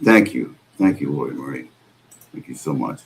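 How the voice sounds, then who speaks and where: A man's voice: extremely low pitch, animated, normal speed, gravelly. A man hosting a live stream, reacting to clips with exasperated, sarcastic, profane commentary. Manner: exasperated, sarcastic, swears a lot.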